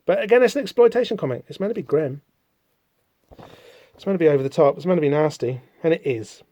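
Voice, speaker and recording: A man's voice: fairly high pitch, lively intonation, fast talker, mellow. A man hosting a casual solo podcast, rambling through a comic book with self-deprecating, apologetic asides. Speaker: podcast host.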